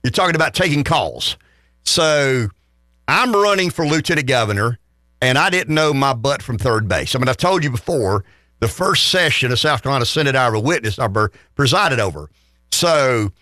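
A man with a Southern US accent, co-hosting a radio show and telling stories in a casual, animated way, chuckling often. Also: mid-range voice, moderate pace, no room sound, clean studio sound. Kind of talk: casual radio talk, storytelling.

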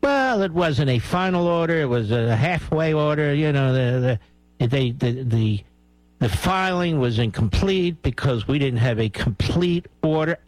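A man's voice: a little high, lively intonation, measured pace, dry recording, poor audio. A male radio host voicing a stubborn, dismissive male politician who stammers through excuses and then gets defiant.

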